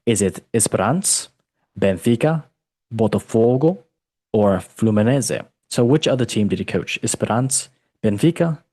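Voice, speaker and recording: A man's voice: lowish voice, animated, a little slow, dark tone, no room sound. Playful man hosting a quiz. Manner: playful, teasing, uses mate and brother. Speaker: podcast host and quizmaster. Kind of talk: casual podcast chat.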